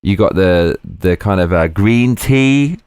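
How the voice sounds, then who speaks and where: A man hosting a live stream, commenting on footage in an excitable, slangy, chatty way. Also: sits low, slow pace, smooth, no echo, studio quality. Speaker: streamer host.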